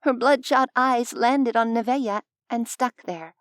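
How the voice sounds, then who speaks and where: Woman audiobook narrator, slow and expressive, fairly high voice, very dry close mic. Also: clean tone, dry recording. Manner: measured, expressive storytelling.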